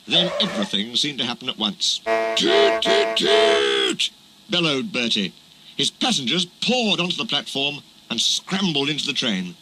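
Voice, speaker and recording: Expressive man reading a storybook. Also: mid-range voice, background noise. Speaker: narrator. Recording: music playing behind.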